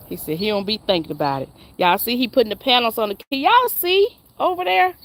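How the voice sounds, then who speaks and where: A woman's voice: fairly high pitch, big pitch swings, a little fast, few pauses, fairly bright tone, a little hiss or hum. A woman, chatting and laughing with viewers on a casual live stream. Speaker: livestream host.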